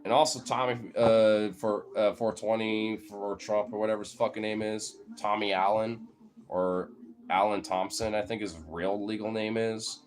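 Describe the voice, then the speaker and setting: A man's voice: lowish voice, flat delivery, moderate pace. A man giving a heated, profane, rambling political rant in casual chat, talking straight to his viewers as a streamer.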